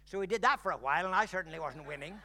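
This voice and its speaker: An older man from Ireland, preaching a sermon, telling a personal story and building to loud exclamations. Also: high-pitched, animated, rapid-fire.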